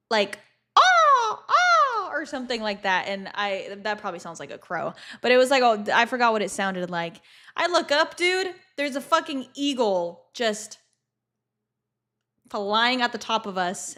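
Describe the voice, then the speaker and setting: Young woman, livestream chat, slightly high voice, animated storyteller, swears a lot.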